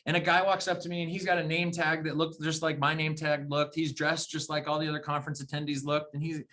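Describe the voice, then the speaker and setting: Rambling chatty man, fairly high voice. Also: little pitch movement, fast, bright, forceful tone. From Arizona. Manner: rambling storyteller with restarts. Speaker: podcast co-host. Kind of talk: casual chat.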